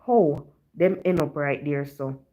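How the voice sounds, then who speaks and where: A woman's voice: deep voice, measured pace, dark tone. A Jamaican woman telling a story to her live-stream viewers in chatty patois, often dropping in "you know".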